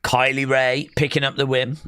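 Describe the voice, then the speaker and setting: A young man hosting a live wrestling watch-along, calling the action and chatting with viewers, often shouting at big moves. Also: medium pitch, little pitch movement, normal speed, smooth.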